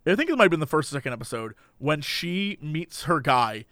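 A man casually recapping a reality show, telling stories with lively put-on voices for the people in it. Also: fairly high pitch, fairly quick. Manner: animated storyteller, acts out quotes in voices. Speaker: podcast co-host.

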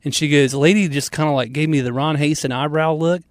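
A man's voice: a little high, fairly even intonation, quick pace, no echo. A man with a Southern US accent co-hosting a radio show, easygoing and laughing often in casual banter.

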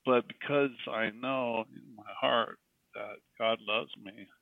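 A man's voice: medium pitch, steady tone, slow, vocal fry, no echo. A middle-aged man, a guest telling a personal faith story in an earnest, emphatic way. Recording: distant, tinny phone-like sound.

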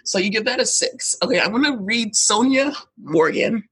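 A young woman co-hosting a podcast, chatting casually, laughing often and throwing in quick asides. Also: on the high side, lively intonation, husky, low-quality recording. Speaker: podcast co-host. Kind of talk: casual chat.

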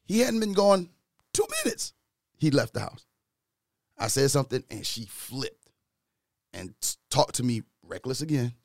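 A man talking earnestly from his own experience in a casual discussion, getting louder and higher when he retells an argument. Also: big pitch swings, unhurried, gravelly, pauses often, no echo, clean studio sound. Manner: earnest, speaks from personal experience.

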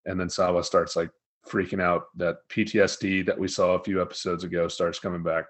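A man co-hosting a casual podcast, recapping an anime episode in a profane, animated storytelling manner. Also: low-pitched, a little fast, slightly rough. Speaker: podcast co-host.

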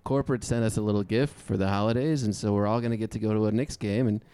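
A man's voice: on the low side, fairly even intonation, fast, warm tone, smooth, lightly acted. A man improvising as an upbeat sales boss who keeps praising his staff, chummy and overly encouraging. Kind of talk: improvised comedy scene.

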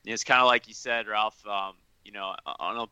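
A man co-hosting a podcast, heartfelt and halting with many fillers. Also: on the low side, fairly even intonation, bright, forceful tone, clean tone, dry recording, rough recording. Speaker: podcast co-host. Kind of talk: casual podcast chat.

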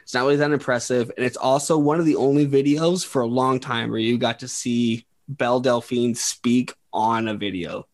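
A man's voice: medium pitch, steady tone, normal speed, few pauses. A man hosting a casual podcast, rambling with lots of fillers and laughing at his own jokes. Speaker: podcast host presenting the topic.

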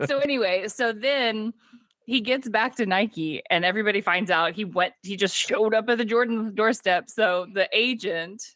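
A woman co-hosting a podcast, animatedly retelling a film's plot in casual chat and slipping into quick voiced quotes of the characters. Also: medium pitch, a bit bright, dry recording, studio quality. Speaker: podcast co-host. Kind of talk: casual movie recap chat.

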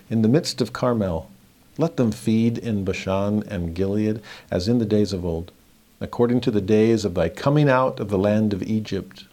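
A man teaching scripture verse by verse, reading passages aloud and then explaining them with lively asides. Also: on the low side.

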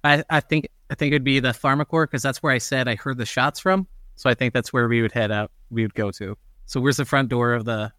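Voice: mid-range voice, fairly even intonation, fairly quick, a bit bright, dry recording, clean studio sound. Stammering, insistent tabletop player. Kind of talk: casual tabletop play, partly in character.

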